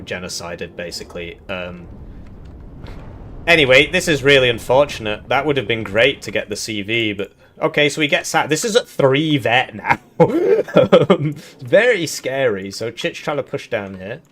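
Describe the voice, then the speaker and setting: A man's voice: fairly low pitch, normal speed, sharp tone, a little hiss or hum. A man from the United Kingdom giving casual, rambling commentary on a strategy game tournament, chuckling often and answering chat questions.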